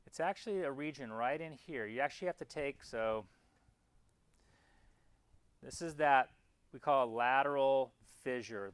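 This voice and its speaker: A man's voice: medium pitch, fairly bright tone, clear, resonant tone, no room sound. Guy lecturing on anatomy, laid back and chatty, keeps restarting sentences, dry sound. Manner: casual and chatty, often restarts mid-phrase; points out parts on slides as he talks. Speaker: anatomy instructor. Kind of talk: classroom lecture.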